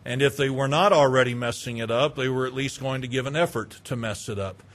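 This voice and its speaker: A man's voice: medium pitch, brisk, a bit bright. A man preaching a conversational sermon as a pastor, asking the congregation questions and acting out little everyday exchanges.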